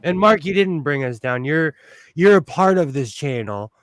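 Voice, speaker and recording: A man's voice: a little high, expressive, normal speed, no room sound. A man, hosting a casual livestream while he sews, rambling and sentimental with lots of fillers. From United States. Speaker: host.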